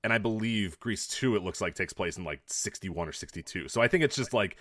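Man, podcast co-host, lowish voice, lively pitch, dry close sound, easygoing. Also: fairly quick, no echo. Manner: easygoing, laughs often. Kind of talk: casual chat.

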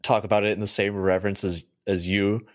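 A young man in casual podcast chat, laid-back, full of fillers and quick to laugh. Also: on the low side, little pitch movement. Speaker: podcast co-host.

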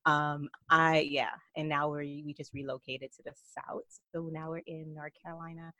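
Brief: woman, 30s, Jamaican-New York accent, low voice, earnest guest who laughs easily. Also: little pitch movement, normal speed, sharp tone, no echo. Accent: Jamaican mixed with New York. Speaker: guest entrepreneur. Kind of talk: podcast interview.

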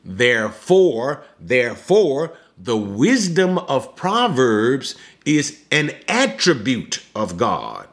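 A male preacher teaching from scripture in an unhurried, deliberate way. His pitch swings widely as he leans into key words, pausing to explain them. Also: wildly swooping pitch. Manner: emphatic, slows down to explain.

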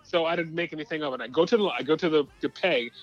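Animated man on a dull remote line. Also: a little high, quick pace, faint music behind. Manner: animated, hesitant storyteller with many uhs. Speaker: regular guest co-host. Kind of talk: casual storytelling.

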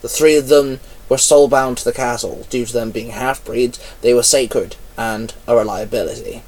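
Man, amateur story reader, plain narration, middling pitch, steady read-aloud. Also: normal speed, recorded from a distance, poor audio. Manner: reads plainly, barely changes voice for characters. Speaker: storyteller reading fan fiction.

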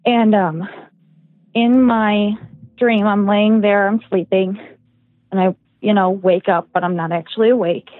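A woman's voice: medium pitch, fairly even intonation, unhurried, no room sound. A young woman chats casually as a podcast guest, rambling along with plenty of "like" and "um" fillers. Her voice comes through thin and tinny, like a phone line, and sits dry and close with no room sound around it. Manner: rambling, heavy use of "like" and "um". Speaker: guest storyteller.

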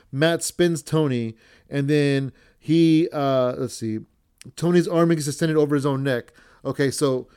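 Male podcast host, slightly high voice, rambling, swears a lot, keeps correcting himself. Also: darkish tone, smooth. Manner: rambling, profane, self-correcting. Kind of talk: casual match recap.

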